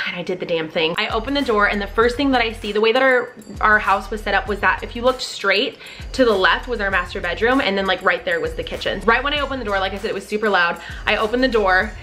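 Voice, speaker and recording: A young woman casually telling a personal story to camera, candid and expressive, with plenty of "like" and the odd swear word. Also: mid-range voice, fast talker, soft background music. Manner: candid and expressive, with frequent "like" and profanity.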